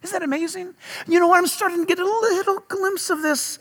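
A man's voice: very high-pitched, fairly even intonation, brisk, a bit bright, long reverb tail. A pastor preaching a sermon at a church service, emphatic, putting rhetorical questions to his audience.

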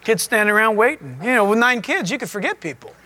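A man's voice: sits high, fast talker, a little hiss or hum. Guy pastor preaching casual, voice bouncing all over, keeps asking the crowd stuff. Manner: animated storytelling, asks the listeners questions. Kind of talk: conversational sermon.

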